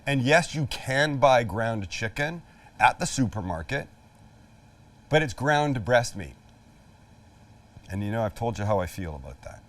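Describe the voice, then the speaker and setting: A man's voice: medium pitch, big pitch swings, unhurried, long pauses. Male cooking host, casual and self-mocking, slightly distant mic pickup. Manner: jokey, chatty, self-deprecating. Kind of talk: live cooking demonstration.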